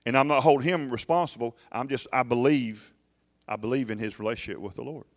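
A man's voice: medium pitch, fast talker. A middle-aged man preaching a sermon in a church, emphatic and urging, often restarting his words. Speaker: pastor.

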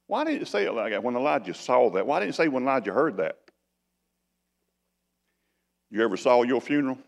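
A man preaching a sermon as pastor, with folksy, animated delivery. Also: mid-range voice. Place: church sanctuary. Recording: long church reverb.

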